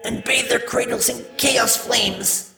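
A man voicing a possessed unicorn foal through whom spirit voices speak, eerie, slow and prophetic. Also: very high voice, fairly even intonation, creaky, bright, forceful tone, roomy sound, faint music behind, pitched above the performer's own voice, heavily acted.

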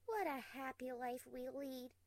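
Lady doing a soft-voiced lonely pony mare, high and sweet, dry close sound. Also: measured pace, no echo. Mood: tender. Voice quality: soft and tender, then shrill shouting. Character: gentle lonely adult mare pony, turns frantic.

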